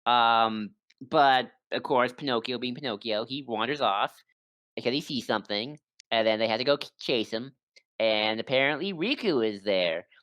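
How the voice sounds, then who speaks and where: Very low-voiced woman recapping a game plot. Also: a bit bright, no room sound. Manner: rambling plot recap with quick asides and laughs. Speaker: podcast co-host. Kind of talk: casual chat. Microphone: desk microphone.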